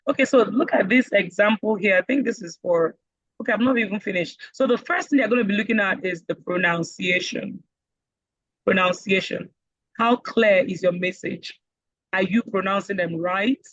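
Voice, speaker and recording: A Nigerian woman teaching a casual online speaking class, lively and joking as she acts out voices. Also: medium pitch, normal speed, no echo, muffled recording. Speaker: IELTS speaking instructor.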